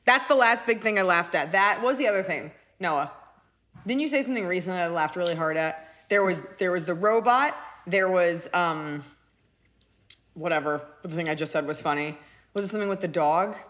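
A woman's voice: on the low side, normal speed, fairly bright tone. A woman co-hosting a podcast, telling funny stories in a casual, playful way. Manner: playful storyteller who acts out voices. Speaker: podcast co-host. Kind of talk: casual chat.

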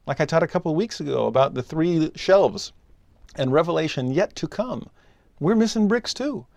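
A man giving a scripture lesson, emphatic, moving between soft asides and raised exclamations. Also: fairly high pitch, dry recording. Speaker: scripture teacher.

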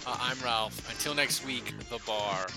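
Man, podcast host, casual laughing chat, bright voice, faint music behind. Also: medium pitch, measured pace, creaky, poor audio. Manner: laughing, loose and chatty.

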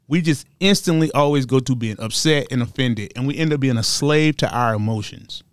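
A man in a casual group discussion, talking in an animated way and leaping high in pitch when he mocks. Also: brisk, hardly any pauses, clear, resonant tone, no echo, clean studio sound.

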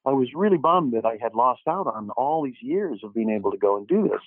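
An older man, an actor guest, telling lively anecdotes and acting out the dialogue, with many false starts. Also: medium pitch, a little fast, no room sound. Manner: animated storyteller who acts out quoted dialogue, with frequent restarts. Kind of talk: anecdotal interview storytelling. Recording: dry, tinny phone-like line.

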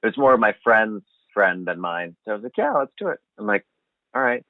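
A man telling a funny story in a casual chat, animated and swearing, acting out what he said at the time. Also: fairly low pitch, fairly quick, no echo. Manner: animated, swearing, acts out his own quotes. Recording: dry, phone-like sound.

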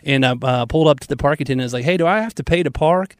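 A man's voice: a little high, rapid-fire, dry recording, clean studio sound. A man with a Southern US accent co-hosting a radio show, easygoing and laughing often in casual banter.

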